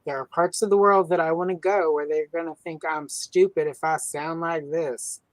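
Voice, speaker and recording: A woman from the American South hosting a casual podcast chat, telling joking stories in a relaxed, drawling way. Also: sits low, normal speed, dry recording, poor audio. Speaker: host. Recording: dry close-miked sound.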